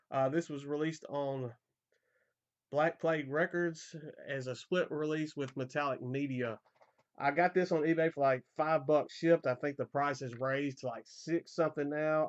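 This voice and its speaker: A man in a casual album collection vlog, rambling with fillers, his voice going hoarse. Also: medium pitch, dull audio. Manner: relaxed, rambling, frequent fillers and repeated starts. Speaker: metal collector vlogger.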